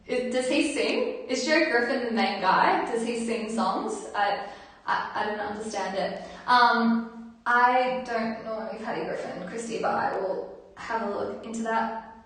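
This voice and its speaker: A woman's voice: a little high, unhurried, a bit bright. A woman singer-songwriter chatting casually with her livestream viewers between songs, giggly and reading out their comments. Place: bathroom. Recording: echoey bathroom from far off, guitar.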